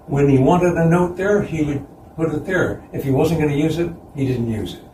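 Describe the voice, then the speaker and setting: A man giving a conference lecture about slides, relaxed and chuckling between points. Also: on the high side, normal speed, a little hiss or hum. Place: concert hall. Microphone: distant room mic. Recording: roomy, distant hall recording.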